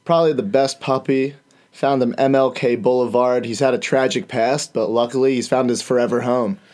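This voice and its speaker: A young man with an ordinary mid-range voice joins a casual chat as a guest. He talks in a relaxed, mock-earnest way. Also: medium pitch, moderate pace.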